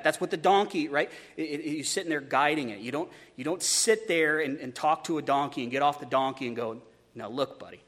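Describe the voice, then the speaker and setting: A man's voice: medium pitch, fairly bright tone, in a large hall. Man preaching with stumbling repeats. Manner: conversational, stumbling repeats, joking asides. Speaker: pastor. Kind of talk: sermon.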